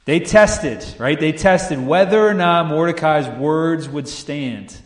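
Pastor, man, animated storyteller with rhetorical questions, roomy church sound. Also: a little high, slow. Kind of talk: sermon. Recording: echoey room.

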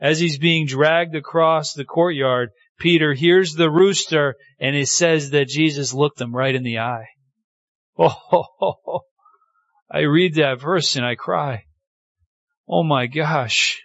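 Animated man preaching a sermon. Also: slow pace, no room sound, highs cut off. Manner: animated storytelling, acting out quotes with pitch swings. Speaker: pastor.

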